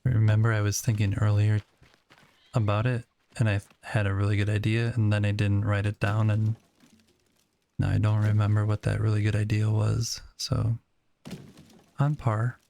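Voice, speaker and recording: Gravelly low-voiced male streamer. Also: normal speed. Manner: relaxed, musing, answers chat while building. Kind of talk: casual live-stream chat.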